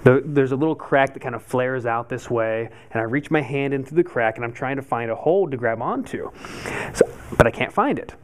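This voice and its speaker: Man telling a lively personal story. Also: mid-range voice, a little fast. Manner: animated storyteller acting out his own past panic. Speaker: meetup speaker. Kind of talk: personal story told to a live group.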